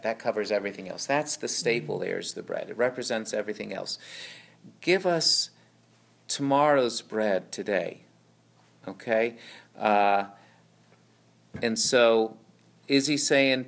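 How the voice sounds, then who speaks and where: A man's voice: on the low side, creaky. A man teaching about a Bible passage, explaining at length and often checking in with "right?" and "okay?". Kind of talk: teaching talk on scripture.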